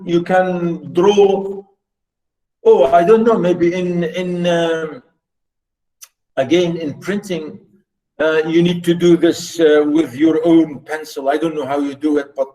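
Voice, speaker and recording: A man's voice: on the high side, fairly even intonation, slow pace, pauses often, warm tone, low-quality recording. A man lecturing students over a video call, explaining poetic meter in a rambling way with many fillers and repeats. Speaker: university literature lecturer.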